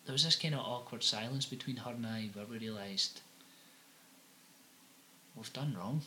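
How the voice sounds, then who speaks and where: A man's voice: mid-range voice, moderate pace, bright, forceful tone. A young adult man with a Scottish accent, rambling through crude, sweary anecdotes as a podcast co-host. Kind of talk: casual comedic chat.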